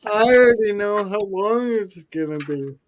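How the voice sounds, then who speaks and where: A man's voice: sits high, lively intonation, measured pace, highs cut off. A man bantering and teasing the others in a casual chat.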